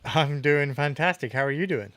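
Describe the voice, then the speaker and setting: A man from England co-hosting a podcast, relaxed and laughing easily as he chats. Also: on the high side, normal speed, dry recording. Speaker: podcast co-host. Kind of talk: casual chat.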